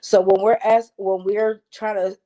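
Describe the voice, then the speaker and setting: A woman's voice: mid-range voice, flat delivery, a little slow, dark tone. A woman from New Jersey, an activist guest speaking with passion and frequent restarts in a panel discussion over a video call.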